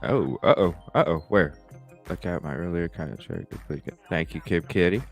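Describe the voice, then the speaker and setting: Low-voiced man, rambling stream host. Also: animated, normal speed, creaky, faint music behind. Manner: rambling, swears freely, laughs often. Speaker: live stream talk show host. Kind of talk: casual live-stream chat.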